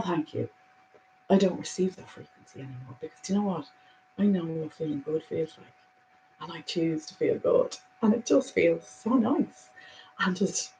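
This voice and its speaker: A woman giving a reflective spiritual monologue, earnest and animated, moving between soft musing and emphatic conviction. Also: medium pitch, lo-fi sound, a little hiss or hum. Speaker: spiritual speaker.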